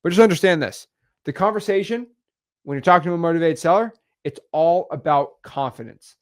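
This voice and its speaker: A man coaching on real estate wholesaling, energetic and repetitive, acting out example calls. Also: on the high side, fairly quick. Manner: energetic, repeats words, acts out examples. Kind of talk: teaching talk on video.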